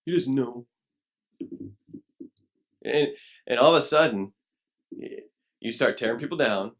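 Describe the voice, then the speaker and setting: Pastor guy preaching, pitch jumps all over, acts out little voices, gets shouty. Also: moderate pace. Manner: animated, acts out quoted voices, rising to shouts. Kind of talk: sermon. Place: church.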